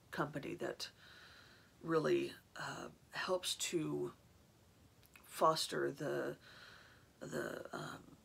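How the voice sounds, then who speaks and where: Gravelly, breathy-voiced chatty woman host. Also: low voice, a bit bright. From California. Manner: rambling, chatty, many restarts. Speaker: podcast host. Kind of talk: casual chat.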